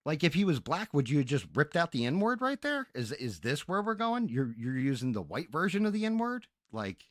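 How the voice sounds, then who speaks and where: A man's voice: fairly high pitch, sing-song, normal speed, dry recording, clean studio sound. Profane, exasperated man ranting on stream. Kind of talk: casual ranting stream chat. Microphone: headset.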